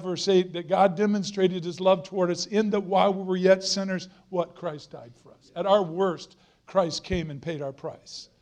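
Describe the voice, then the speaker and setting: High-voiced earnest male preacher. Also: a little mellow. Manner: earnest, emphatic, repeats phrases for stress. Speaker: guest preacher. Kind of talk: sermon.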